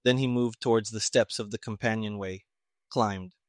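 A man narrating an audiobook in a steady, even storytelling manner. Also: on the low side, normal speed, no echo, clean studio sound.

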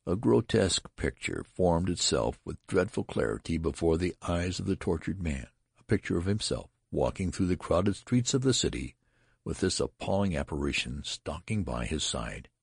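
A man narrating a story in an expressive, dramatic reading style. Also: low-pitched, normal speed, vocal fry, breathy edge, dry recording, clean studio sound.

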